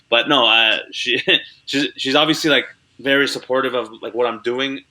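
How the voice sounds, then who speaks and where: A young man, an animated storyteller chatting over a video call and saying "like" a lot. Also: mid-range voice, a little fast. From Canada (Toronto). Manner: animated storyteller, heavy use of "like". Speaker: comedian guest. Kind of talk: casual interview chat.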